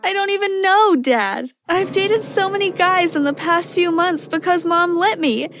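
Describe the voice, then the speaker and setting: A woman's voice: very high-pitched, unhurried, music in the background. A woman voicing an angry, distraught young sister and a bitter mother, with emotional, accusing outbursts.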